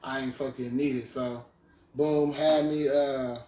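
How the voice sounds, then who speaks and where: A man's voice: mid-range voice, measured pace. Slangy young man telling a story. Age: 20s. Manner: slangy, animated retelling, keeps saying "you feel me". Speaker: podcast host. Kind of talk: casual storytelling chat. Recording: roomy, distant mic.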